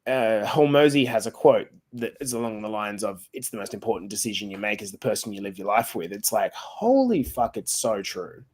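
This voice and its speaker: Energetic swearing man hosting. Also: lowish voice, a little fast, few pauses, slightly rough. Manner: blunt, swears freely, energetic sign-off. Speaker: podcast host. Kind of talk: casual podcast chat.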